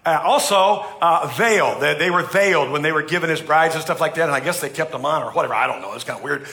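Middle-aged American pastor, bright forceful voice a bit high, jokey preaching, acts out quotes. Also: male voice, fast. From United States. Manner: humorous, chatty preaching with acted-out quotes. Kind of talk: sermon.

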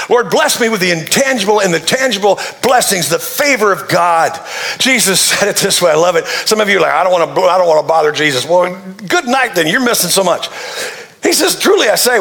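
A man's voice: high-pitched, vocal fry, bright, forceful tone. A man preaching a sermon, playful and joking, acting out prayers in the voice of the people praying them. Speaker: pastor.

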